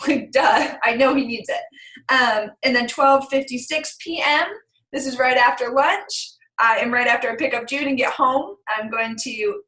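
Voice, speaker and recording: A woman in her thirties chatting casually on a group call, telling stories with lively quoted dialogue. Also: fairly high pitch, reverberant, rough recording. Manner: chatty, animated storytelling with acted quotes. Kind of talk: casual chat.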